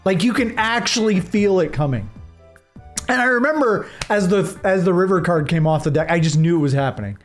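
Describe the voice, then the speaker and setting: A man's voice: high-pitched, animated, a little fast, soft background music. A young man streaming a game, telling a rambling story with many restarts and fillers. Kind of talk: casual storytelling while gaming.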